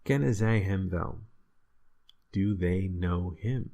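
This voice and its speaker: A man with a deep, gravelly voice talks through a language lesson at an unhurried pace. His explanations wander with fillers and frequent "right?" checks, like a relaxed one-on-one tutor. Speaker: language teacher. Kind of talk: casual spoken lesson.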